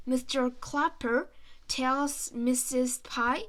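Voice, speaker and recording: A woman reading a children's picture book aloud in a slow, sing-song way, playing up sound words and animal noises. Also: high-pitched, expressive, a bit bright. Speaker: storyteller.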